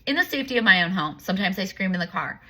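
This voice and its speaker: A woman's voice: medium pitch, animated, very fast, bright, forceful tone. A woman coach speaking in a candid, confessional monologue, long-winded and rambling as she works through her points. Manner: earnest, confessional. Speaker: empowerment coach.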